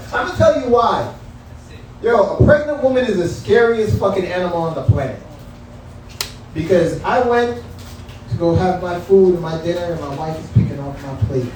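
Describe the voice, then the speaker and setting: A man's voice: sits high, animated, moderate pace, darkish tone, distant mic, a little hiss or hum. A man doing a stand-up comedy set in a small club, talking straight to the crowd with loose, profane banter. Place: small comedy room at a cannabis lounge. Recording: very echoey room picked up from afar.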